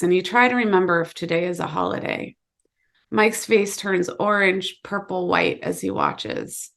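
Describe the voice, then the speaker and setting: Gravelly woman reading fiction aloud. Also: lowish voice. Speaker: author reading her story. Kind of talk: literary reading, second person.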